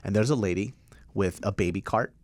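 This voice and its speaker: A man in his thirties, a podcast co-host, telling a story in a lively way, acting out voices and laughing a lot. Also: fairly low pitch, fairly quick, slight background noise. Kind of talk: animated storytelling.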